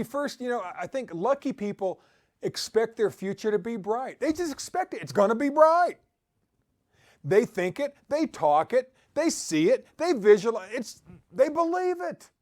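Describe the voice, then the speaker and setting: This motivational speaker has an extremely high-pitched voice with a darkish tone. Upbeat and frequently laughing, he urges his audience on and draws on scripture.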